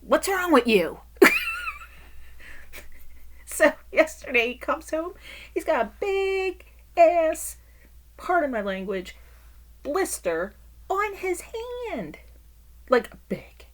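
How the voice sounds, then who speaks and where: A middle-aged woman telling stories from her life as a caretaker and parent in a casual vlog, with exaggerated, animated asides and frequent laughter. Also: sits high, slow pace, pauses often.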